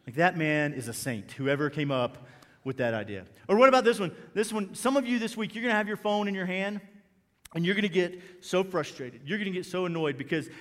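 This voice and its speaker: A man's voice: high-pitched, fairly quick. A man preaching a sermon as pastor, talking conversationally, repeating key phrases and asking the room questions. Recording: reverberant hall recording.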